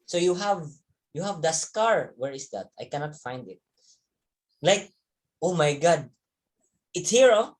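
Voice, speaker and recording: A man's voice: a little high, lively intonation, measured pace, pauses often. A man, a teacher telling young students a story from his childhood, repeating words and chuckling as he goes. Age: 30s.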